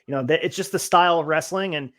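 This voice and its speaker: A man's voice: a little high, fast, fairly bright tone. A man hosting a podcast, recapping events casually and restarting his sentences while laughing along. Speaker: podcast host. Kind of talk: casual chat.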